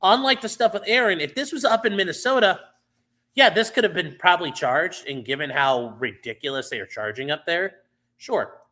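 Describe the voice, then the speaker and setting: A man's voice: high-pitched, animated, normal speed, pushed and bright. A man hosting a live stream, casually explaining a legal case with many fillers and restarts.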